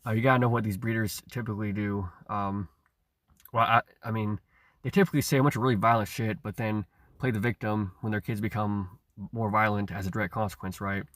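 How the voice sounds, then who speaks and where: A man's voice: on the low side, steady tone, fairly quick, fairly bright tone, no room sound. A man delivering a rambling, profane rant, stammering and repeating himself, with chuckles between phrases. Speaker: online commentator. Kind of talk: ranting monologue.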